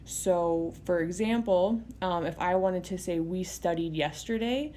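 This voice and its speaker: Woman teacher, young adult, low-pitched, mellow tone, patient step-by-step video lesson, casual ums. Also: unhurried, slight background noise. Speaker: Spanish teacher.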